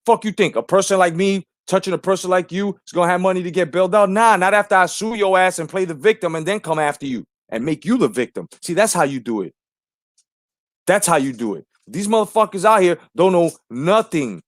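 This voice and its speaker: Man, 40s, channel host: high, swooping, combative, cursing rant, dry close sound. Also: brisk, no room sound. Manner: profane, confrontational, animated. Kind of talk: ranting monologue.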